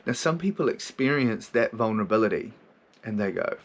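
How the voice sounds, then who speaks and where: A man's voice: fairly low pitch, expressive, fairly quick. A man who hosts a podcast and works as a therapist, speaking frankly in a casual monologue, swearing freely, laughing often and acting out his own inner voices.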